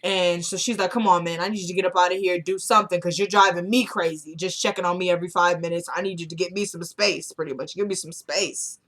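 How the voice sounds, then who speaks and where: A woman's voice: on the low side, fairly even intonation, fast, few pauses, a bit bright. Chatty woman recapping a TV episode. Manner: retells scenes in quoted dialogue, chatty and opinionated. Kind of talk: casual recap chat.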